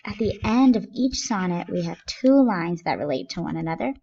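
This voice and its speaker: A woman's voice: fairly low pitch, animated, moderate pace, gravelly, dark tone, breathy edge, muffled recording. A woman teaching a recorded lesson, explaining things step by step in a patient way.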